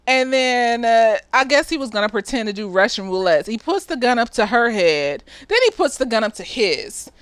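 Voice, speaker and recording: A woman talking casually and profanely as she recaps a TV episode, slightly tipsy, often laughing and jumping into high squeaky voices for the characters. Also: expressive, moderate pace, hardly any pauses, clean tone, no room sound. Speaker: therapist reviewing a TV episode.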